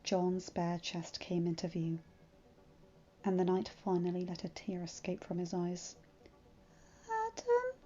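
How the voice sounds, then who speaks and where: A woman narrating a fanfiction story in an expressive, dramatic reading. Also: lowish voice, a little slow. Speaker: fanfiction reader. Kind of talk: scripted narration. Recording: dull lo-fi with faint music.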